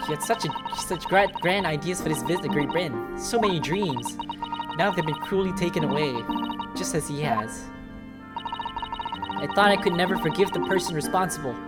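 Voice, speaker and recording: A woman voicing a gentle young woman assistant, speaking softly in a halting, sorrowful way. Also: low voice, animated. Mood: grieving. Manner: soft, halting, sorrowful delivery. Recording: loud game music underneath.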